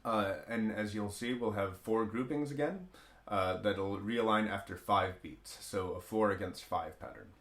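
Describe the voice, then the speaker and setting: Man teaching rhythm, bright and roomy. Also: fairly low pitch, a little slow. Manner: explains step by step with frequent "uh" fillers; chants rhythm syllables in steady counted patterns. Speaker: music teacher. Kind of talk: spoken music lesson with rhythm syllables. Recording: roomy echo.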